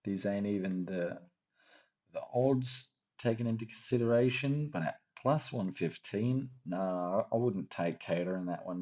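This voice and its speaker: A man chats through his fight picks in an exaggerated put-on Australian accent, thinking aloud and correcting himself as he goes. His voice is low and mellow, and he talks at an unhurried, drawn-out pace. The recording sounds a little dull and lo-fi. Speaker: MMA fight picks commentator. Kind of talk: casual fight-pick chat.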